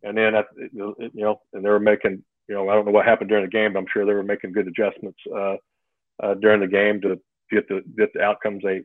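A man in his fifties speaks over a thin, phone-like remote line with a slightly low voice. He rambles through his points and keeps tagging them with "right?". The sound is close and dead, with no room around it. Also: monotone, quick pace, dry recording. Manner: rambling, restarts often, tags thoughts with "right?". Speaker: former college football player, guest. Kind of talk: casual interview talk. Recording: phone-like remote call, dry.

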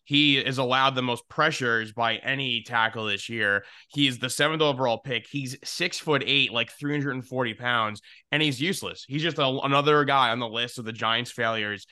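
A man's voice: mid-range voice, moderate pace, few pauses, bright, forceful tone, clean tone, no echo, clean studio sound. A man co-hosting a sports talk podcast, bluntly venting his frustration. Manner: exasperated, blunt criticism. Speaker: podcast co-host.

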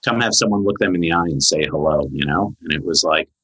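Very deep, husky-voiced man telling a story. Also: quick pace, low-quality recording. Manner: animated storyteller, many "like" fillers. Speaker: psychologist guest. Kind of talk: casual podcast storytelling.

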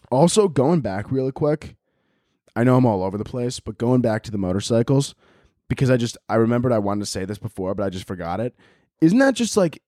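A man riffs loosely on a comedy podcast, swearing freely and cracking himself up as he rambles. His voice sits at an ordinary pitch for a man. The recording is dry and close, with no room sound. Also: dark tone, dry recording. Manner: profane, rambling, laughs at own jokes. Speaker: podcast host. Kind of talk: casual comedic rant.

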